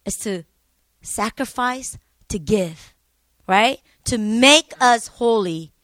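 A woman's voice: fairly high pitch, expressive, takes it slowly, fairly bright tone, no echo. A woman co-pastor preaching earnestly, reading scripture aloud and asking for agreement.

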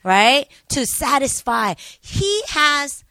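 A woman's voice: high-pitched, big pitch swings, slow, bright, forceful tone, no echo. A woman co-pastor preaching earnestly, reading scripture aloud and asking for agreement.

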